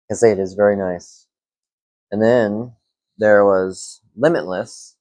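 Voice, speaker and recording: Relaxed man rambling through a fragrance review. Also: fairly low pitch, measured pace, dry recording. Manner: relaxed, rambling, filler-heavy. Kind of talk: casual vlog review.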